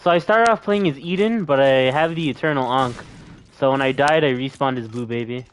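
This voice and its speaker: A young male streamer chats while he plays, easygoing and loose. He swears casually and keeps a relaxed, unhurried flow. His pitch sits in the middle of the range. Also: a little hiss or hum. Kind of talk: casual gameplay chat.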